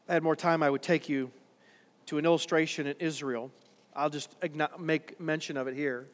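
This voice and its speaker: A man's voice: a little high, steady tone, a little fast, long reverb tail. A man preaching a sermon in a church worship center, conversational and then emphatic. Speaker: pastor.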